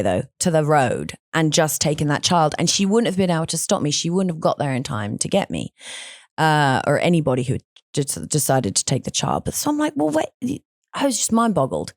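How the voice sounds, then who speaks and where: Podcast host, woman, lower voice with lots of swing, outspoken chatty storyteller, dry close sound. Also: a little fast, no echo. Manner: animated and outspoken, with frequent restarts. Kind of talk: casual conversational storytelling.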